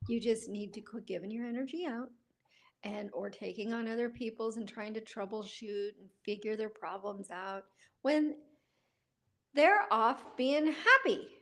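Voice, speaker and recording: A woman co-hosting a podcast, telling animated stories and laughing easily in casual chat. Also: medium pitch, moderate pace. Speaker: podcast co-host.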